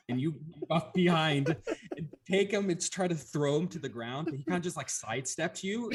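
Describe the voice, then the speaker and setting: A man's voice: fairly high pitch, lively intonation, brisk. Laid-back young man running a game. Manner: casual, laughing, lots of ums. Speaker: game master. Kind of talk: narrating a tabletop game.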